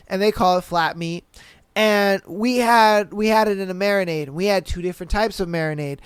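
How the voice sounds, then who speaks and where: A young man hosting a podcast, telling a story in a slangy, animated way and swearing often. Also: high voice, clean tone, no room sound. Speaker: podcast host. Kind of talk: casual storytelling chat.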